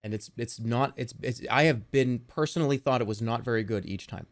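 A man streaming games live, chatting casually in a rambling, excitable way and often laughing at himself. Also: mid-range voice, brisk.

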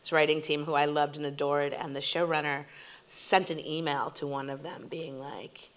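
Low-voiced animated woman telling stories. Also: normal speed. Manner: animated storytelling, acting out quotes. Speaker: TV showrunner and guest. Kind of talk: onstage interview conversation.

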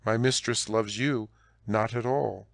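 A man reading a shy young female maid in an audiobook, using a hushed, hesitant way of speaking. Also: lowish voice, steady tone, unhurried, creaky, no echo, clean studio sound. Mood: earnest.

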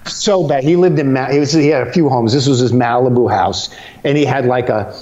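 A male comedian telling a long anecdote from home, lively and acting out the other people's voices. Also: medium pitch, fairly quick, highs cut off. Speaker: comedian guest. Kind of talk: animated storytelling.

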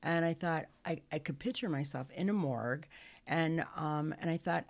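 Gravelly middle-aged woman telling her story. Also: low-pitched. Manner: earnest, halting, frequent restarts. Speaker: podcast guest. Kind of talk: candid personal storytelling.

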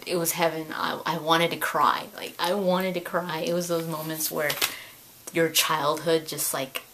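A woman in her late twenties talks straight to camera in a relaxed home vlog, her voice sitting a little low for a woman. She rambles, stumbles over repeated words and breaks into laughter as her stories build. A faint hiss of noise runs under the recording. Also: low-quality recording. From California. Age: 20s. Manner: excitable storytelling, gushing, laughs often, repeats words. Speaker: vlogger. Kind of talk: casual chat to camera.

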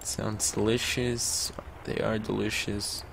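A man's voice: on the low side, little pitch movement, takes it slowly, gravelly, a bit bright, a little hiss or hum. A young man joking his way through a story game in a casual let's-play commentary. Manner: joking, reads game text aloud. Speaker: gamer.

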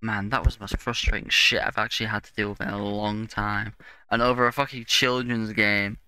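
This young man commentates as he plays, swearing and ranting in exasperation at the controls like a typical let's play gamer. He talks briskly in a lowish voice with little pitch movement, and his tone is sharp and clean.

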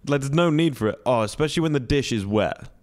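A man's voice: medium pitch, lively intonation, quick pace, darkish tone. A man co-hosting a podcast in casual chat, playful and teasing, laughing often. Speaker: podcast co-host.

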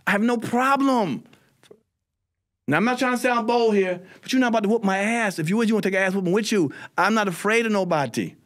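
Male comedian, podcast guest, rapid animated storytelling, heavy swearing. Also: high-pitched. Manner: profane, animated storytelling with voiced quotes.

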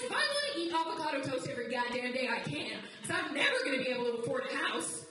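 A woman's voice: big pitch swings, fast talker, few pauses, crowd noise. Young woman doing stand-up in an echoey room. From outside the United States. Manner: wry, conversational, swings into high mocking voices for quotes. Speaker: stand-up comedian. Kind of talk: live stand-up comedy. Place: live comedy venue with audience. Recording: roomy live recording from a distance, noisy.

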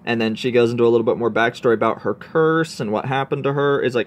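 A man's voice: mid-range voice, steady tone, brisk, long pauses, a little hiss or hum. A man reviewing a comic book, reading its dialogue aloud with casual asides in between. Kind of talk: casual read-through of a comic.

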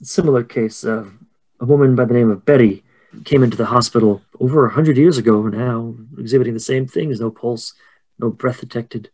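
A prim old doctor who talks politely but keeps tripping over his first words, voiced by a man. The voice sits at a middling pitch. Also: a little mellow, close to an everyday voice. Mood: confiding. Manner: halting, stammering and polite. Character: proper, well-kept older male doctor.

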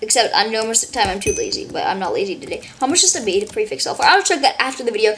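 A woman giving casual, rambling gameplay commentary full of "like", her voice a bit worn from yelling. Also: a little high, rapid-fire, a little hiss or hum. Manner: rambling, fillers of "like", excitable. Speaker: gaming channel host.

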